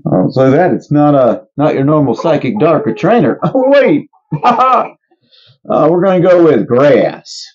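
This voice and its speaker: Opening card packs on his channel, this host chats casually, jokes around and guesses with playful excitement. His voice runs on the high side and a bit slow, with a breathy edge and lo-fi sound quality.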